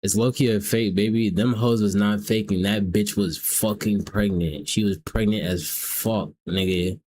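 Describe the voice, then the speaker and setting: A man's voice: fairly low pitch, steady tone, a little slow, a little mellow. A young man from the South, hosting a live stream and teasing strangers in casual, profane chat. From American South. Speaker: livestream host.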